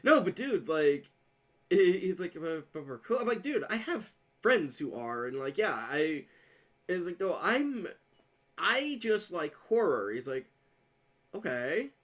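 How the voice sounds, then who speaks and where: A woman's voice: fairly low pitch, big pitch swings, unhurried. A woman co-hosting a podcast who tells an anecdote in casual chat and acts out both sides of the dialogue, swearing freely. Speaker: podcast co-host.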